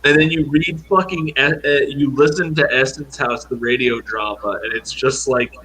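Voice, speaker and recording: A man on an online panel, joking and swearing in an animated way. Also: medium pitch, moderate pace, a little hiss or hum, low-quality recording. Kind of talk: casual panel chat.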